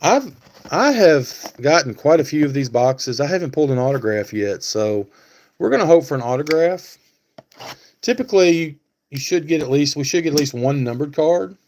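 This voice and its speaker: A man's voice: a little high, sing-song, moderate pace, a little mellow, slight background noise. A man hosting a casual live stream, talking to viewers by name and thinking aloud with many fillers. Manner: talks back to chat viewers by name.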